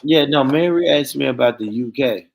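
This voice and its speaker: Gravelly, profane live stream host man. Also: mid-range voice, moderate pace, low-quality recording. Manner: animated, profane, laughs often. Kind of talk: casual live stream chat.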